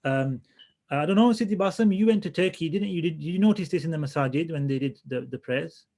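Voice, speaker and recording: A man teaching a religious class in a relaxed, conversational way, often restarting his sentences as he thinks aloud. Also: on the high side, a little fast. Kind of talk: casual classroom lesson.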